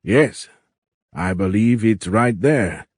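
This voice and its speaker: A male narrator voicing a courteous alien admiral who speaks in a stiff, formal, measured way. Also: lowish voice, animated, slightly rough, dry recording, studio quality, exaggerated voice. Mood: courtly, measured.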